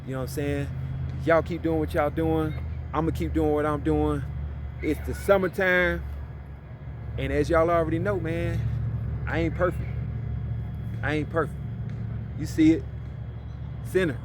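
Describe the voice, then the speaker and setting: A man's voice: fairly high pitch, steady tone, a little slow, pauses often, background noise. A middle-aged man from Illinois telling a personal story in a loose, slangy vlog monologue, leaning on "you know what I'm saying". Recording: loud music under the voice. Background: loud music.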